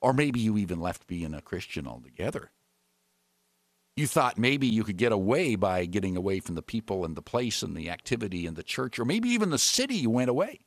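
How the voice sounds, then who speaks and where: A man preaching a sermon, retelling a story with lively voices for its characters. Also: lowish voice, a little fast, dry recording.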